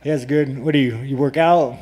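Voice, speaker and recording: A man's voice: mid-range voice, fairly even intonation, brisk, darkish tone. A man, a professional fighter, giving unfiltered, profane, rambling answers and mocking reporters at a media day. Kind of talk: unfiltered press conference answers. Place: crowded media day press room.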